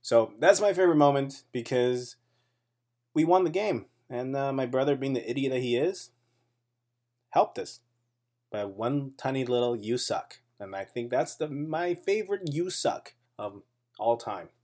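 A man tells a story from his childhood on his weekly comedy podcast, talking in a medium pitch. He builds suspense as he goes and mixes in jokes at his own expense. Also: measured pace. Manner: animated, builds suspense, self-deprecating jokes. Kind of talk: casual storytelling monologue.

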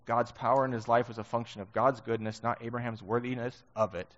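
A man preaching a sermon in a relaxed, conversational way, with many rhetorical questions. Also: mid-range voice, brisk. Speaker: pastor. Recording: muffled sound with long hall reverb.

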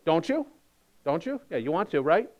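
A man's voice: on the high side, very animated, normal speed, dull audio. A man putting on a pushy smug rule-preacher. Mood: wheedling. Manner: mock-friendly, insistent nagging.

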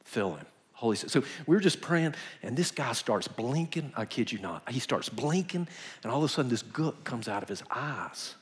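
A male pastor, preaching a sermon full of lively stories and acted-out quotes. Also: mid-range voice, moderate pace. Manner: animated, emphatic, acts out quotes in a whisper or shout. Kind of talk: storytelling sermon.

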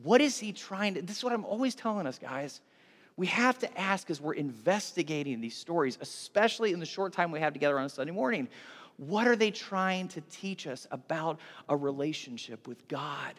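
Bright-voiced pastor preaching in a reverberant hall. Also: male voice, on the high side, moderate pace. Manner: animated storytelling, swings from loud to hushed. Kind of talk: sermon.

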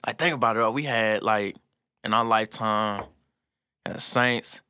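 A man in casual chat, telling stories in a relaxed, slangy way and laughing often. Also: on the low side, a little slow, clear, resonant tone, no echo, studio quality. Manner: laid-back slangy storytelling, laughs often.

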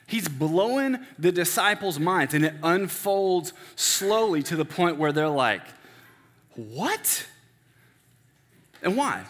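Bright-voiced male preacher. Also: a little high. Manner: conversational, often checks in with "right?". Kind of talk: sermon. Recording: echoey hall with long reverb.

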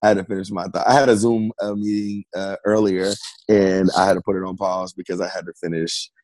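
A musician guest in a casual interview, talking in an animated, slangy way and laughing often. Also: male voice, low-pitched, brisk, dry recording.

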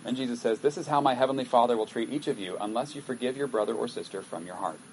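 A man's voice: medium pitch, quick pace, darkish tone, a little hiss or hum, rough recording. Conversational male pastor preaching. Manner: conversational, reads scripture aloud with acted asides. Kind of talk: sermon.

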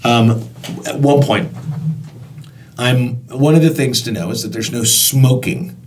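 A man's voice: medium pitch, a little slow, darkish tone. A man telling a personal work anecdote in a conversational way, often restarting sentences and acting out dialogue. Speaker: storyteller recalling work as concert venue staff. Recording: voice picked up from a distance.

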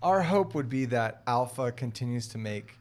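A man's voice: medium pitch, moderate pace. A man, a ministry leader talking earnestly in a casual faith conversation, with many restarts. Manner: earnest, rambling with restarts, animated storytelling.

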